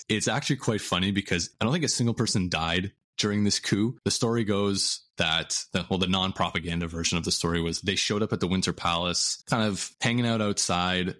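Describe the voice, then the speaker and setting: A man co-hosting a history podcast, telling stories in a casual, animated way and laughing at the funny parts. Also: deep voice. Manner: animated, laughs while telling anecdotes, acts out quotes. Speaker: podcast co-host.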